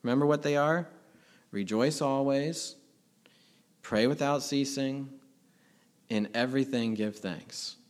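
A man's voice: medium pitch, takes it slowly, pauses often. Middle-aged male pastor, mid-range voice, earnest and emphatic sermon delivery. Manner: earnest, emphatic preaching with rhetorical questions.

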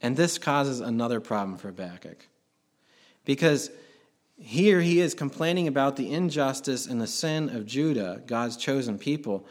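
Male pastor, mid-pitched voice, conversational sermon with sudden emphatic swells. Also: normal speed.

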